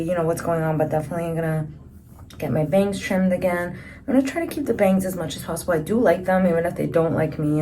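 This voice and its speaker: A woman's voice: deep voice, darkish tone, a little hiss or hum. A young woman vlogging casually, chatty and upbeat, with lots of fillers. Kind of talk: casual vlog narration. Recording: background music under voice.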